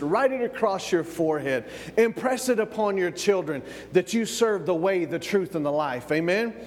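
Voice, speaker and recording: Preaching as pastor in a church, a Southern man speaks in a high voice with a long reverb tail and a little hiss or hum. He trips over repeated words as he builds and asks for amens.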